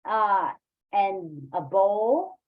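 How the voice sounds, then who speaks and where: A woman leading a poetry workshop, talking haltingly with many fillers and restarts. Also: mid-range voice, expressive, phone-quality sound. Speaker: workshop leader. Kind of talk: online poetry workshop discussion.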